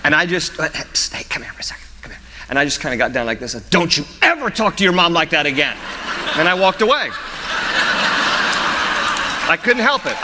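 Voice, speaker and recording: A man's voice: high-pitched, bright, forceful tone, in a large hall. A man preaching a sermon as pastor, storytelling with humor and frequent chuckles.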